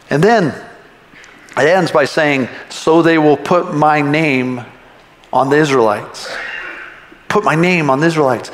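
Pastor guy preaching in a big echoey church, kinda high voice, chatty style. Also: a little slow, long pauses. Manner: conversational preaching with rhetorical questions. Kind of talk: sermon. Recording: echoey hall with long reverb.

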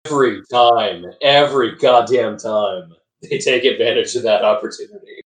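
A man's voice: medium pitch, moderate pace, echoey room, far from the mic, poor audio. A man co-hosting a casual anime podcast, cracking sarcastic, profane quips full of fillers. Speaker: podcast co-host. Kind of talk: casual anime review chat.

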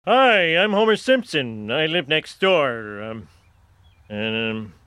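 A man's voice: on the high side, big pitch swings, slow pace, sharp tone, clear, resonant tone, no room sound, exaggerated voice. A man voicing a bumbling middle-aged cartoon dad, hesitant and overly friendly as he greets a neighbor. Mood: eager friendly. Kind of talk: cartoon clip.

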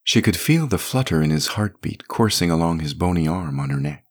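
A man narrating a story podcast in an expressive, measured way. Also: low-pitched.

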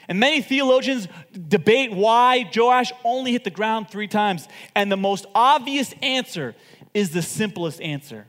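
Man, pastor, sermon, high-pitched, dramatic loud-to-hushed delivery, long hall reverb. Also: lively intonation, brisk. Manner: swings from shouting to hushed, acts out quotes.

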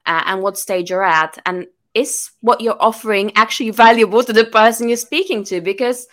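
A woman's voice: mid-range voice, brisk, a bit bright. A woman chatting on a podcast as a guest business coach, telling stories animatedly and laughing often. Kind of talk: casual podcast chat.

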